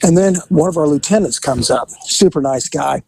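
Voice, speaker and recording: A man hosting a podcast, telling a police story in a casual, animated, profane way and acting out the dialogue. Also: on the high side, moderate pace, vocal fry, slight background noise. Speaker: podcast host and former police officer.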